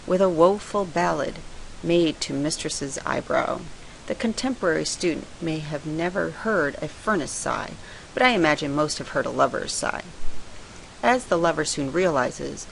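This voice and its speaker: A woman reading a scripted writing lesson in a measured, explanatory way. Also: low-pitched, vocal fry, slight background noise, poor audio. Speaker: writing teacher. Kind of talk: scripted lecture narration.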